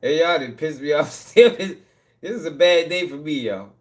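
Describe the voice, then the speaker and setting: A man's voice: fairly high pitch, lively intonation, moderate pace. A young man hosting his own live stream, ranting in a heated casual way, cursing, repeating himself and laughing between points. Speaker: channel host.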